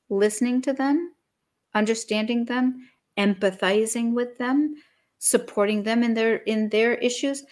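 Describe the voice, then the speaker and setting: Energetic and emphatic, a female business coach speaks as a podcast guest and enacts little scenes to illustrate her explanations. She has a slightly high voice.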